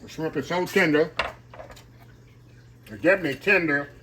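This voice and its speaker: His voice sits a little high, pushed and bright, at a normal pace, and the recording is rough, though the frying and kitchen noise come through clearly. He's a home cook hosting his channel, frying shrimp while casually chatting, addressing viewers as "y'all" and laughing at his own jokes. Oil sizzles behind him.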